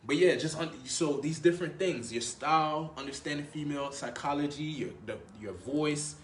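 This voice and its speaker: A man's voice: fairly high pitch, normal speed, slight background noise. A man giving dating advice as a coach, talking loosely and profanely, full of "you know" and "right?". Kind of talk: casual talking-head coaching. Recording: echoey room.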